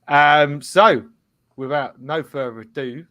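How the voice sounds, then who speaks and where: A man's voice: fairly high pitch, slow pace, bright, forceful tone. A man hosting a casual live-streamed football show, chatty, reading out viewers' comments and laughing often. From England. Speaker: host.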